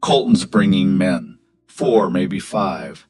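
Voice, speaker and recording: A man reading the part of an anxious old country doctor in an audio story, breathless and urgent, with a low, steady voice. Faint music sits under the reading. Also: slow. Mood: grave.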